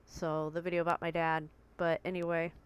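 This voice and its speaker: A woman's voice: on the low side, level tone, a little fast, clear, resonant tone. A woman vlogging candidly and conversationally from her bedroom, recording on a tablet, with vivid comparisons. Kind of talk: personal talk to camera.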